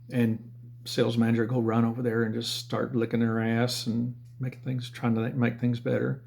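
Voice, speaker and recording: A man's voice: medium pitch, monotone, moderate pace, creaky, darkish tone. A middle-aged man with a Southern American accent, telling sales stories in a blunt, profane, rambling way. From Southern United States. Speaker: former car and motorcycle salesman. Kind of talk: casual storytelling monologue.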